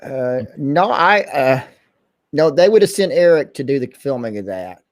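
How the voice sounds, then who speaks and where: A man's voice: medium pitch, expressive, normal speed. A man co-hosting a casual podcast, mostly chiming in with brief, agreeable remarks. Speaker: podcast co-host. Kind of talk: casual chat.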